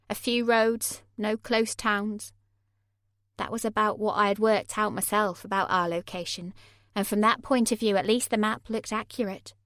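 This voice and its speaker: A woman narrating a thriller audiobook in the first person, measured and tense. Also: mid-range voice, dry recording, studio quality.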